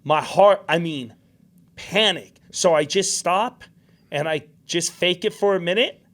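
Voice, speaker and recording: Animated, higher-voiced male podcast host. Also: a little slow. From New York. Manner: animated storyteller, acts out quotes. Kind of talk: casual storytelling chat.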